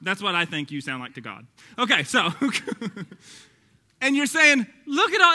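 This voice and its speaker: Animated, joking pastor with a Texas twang. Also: male voice, high voice, measured pace. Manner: animated, jokey, acts out quoted voices, bursts of shouting. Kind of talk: sermon.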